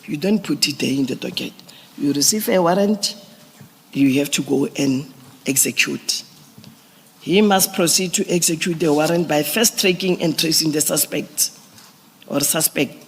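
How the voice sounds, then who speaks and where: A man giving formal testimony to a commission, explaining police procedure step by step with halting restarts. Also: a little high, creaky, husky. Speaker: police witness at a commission hearing. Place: large hearing room. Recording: echoey hearing room.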